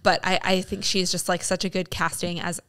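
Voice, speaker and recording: A woman's voice: lowish voice, little pitch movement, brisk, fairly bright tone, clean tone. A woman co-hosting a casual movie podcast, chatty and laughing often as she acts out little quotes. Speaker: podcast co-host.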